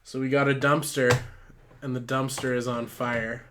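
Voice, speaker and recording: A man's voice: mid-range voice, flat delivery, normal speed, background noise. A man livestreaming while building with toy bricks, improvising a silly story in a rambling, swearing way, laughing often.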